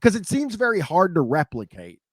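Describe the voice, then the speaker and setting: A man's voice: high voice, wildly swooping pitch, moderate pace, breathy edge, no room sound, clean studio sound. A man hosting a podcast, talking casually in a rambling, self-mocking way. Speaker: podcast host. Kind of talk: casual chat.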